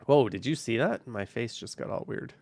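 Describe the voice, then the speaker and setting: A man's voice: mid-range voice, expressive, moderate pace, gravelly, darkish tone, no echo. A young man hosting a casual live stream from his car, reading viewer messages, thanking supporters and answering questions in an easygoing way. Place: car, driving around the city.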